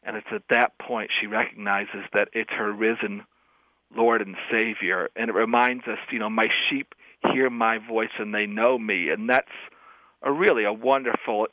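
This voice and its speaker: On a radio call-in show, a male guest scholar talks thoughtfully, often restarting sentences and using fillers. His voice sits on the low side, coming through a tinny, dry phone line with no echo.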